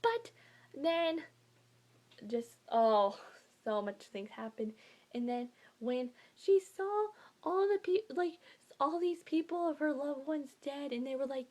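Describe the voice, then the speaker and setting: Young woman book vlogger, slightly high voice, gushing and breathless, casual fan chatter. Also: animated, slow, darkish tone. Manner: gushing, breathless, swings between whispers and squeals. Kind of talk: excited casual book talk.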